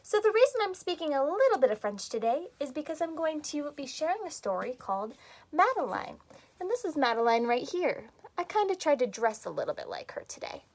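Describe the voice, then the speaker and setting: A woman's voice: high-pitched, big pitch swings, a little fast. A woman reading a picture book aloud to children in a teacherly way, coaxing them to repeat words and join in. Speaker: children's storytime reader.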